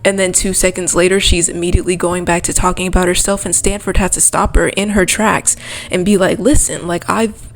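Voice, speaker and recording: A young adult woman giving a fast, exasperated ranting commentary for a video essay. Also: lowish voice, flat delivery, a little hiss or hum.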